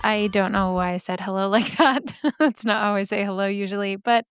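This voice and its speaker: A young woman hosts a podcast, chatting casually and gushing, swearing freely, her voice a little scratchy today. She speaks briskly with a medium-pitched, smooth voice and fairly even intonation. The sound is studio-clean with no room sound and faint music behind her.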